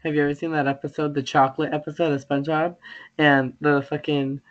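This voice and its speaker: A young woman with a notably low voice teases and jokes in blunt, casual talk, swearing often. The sound is dull and lo-fi. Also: little pitch movement, fairly quick. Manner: blunt, teasing, swears a lot. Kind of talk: casual chat.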